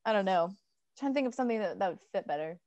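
A young American woman co-hosting a casual chat, giggly and animated, full of fillers. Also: mid-range voice, very fast, no echo. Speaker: podcast co-host.

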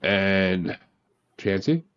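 Profane, excited male podcast host. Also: low-pitched, extremely slow, clean tone, highs cut off. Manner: profane and enthusiastic. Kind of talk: casual group chat.

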